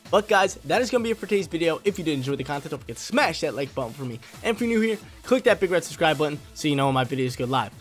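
A man giving casual, excitable commentary over his own video game battle, trash-talking and joking as he plays. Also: a little high, racing, hardly any pauses. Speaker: gaming YouTuber. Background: background game music.

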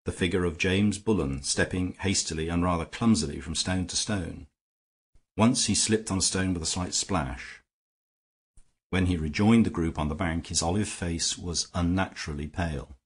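A man narrating an audiobook in a steady storytelling manner. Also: sits low, husky. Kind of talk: scripted narration.

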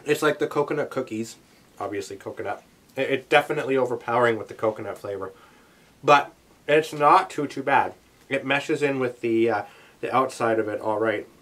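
A man's voice: medium pitch, a little fast, fairly bright tone. A young man vlogging a taste test, talking in a rambling, chatty way with many asides. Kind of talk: casual chat to camera.

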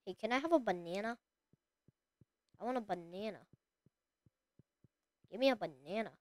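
A woman streaming a video game, chatting casually and talking to the characters on screen with sudden excited exclamations. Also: medium pitch, normal speed, no room sound. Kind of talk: casual gameplay commentary.

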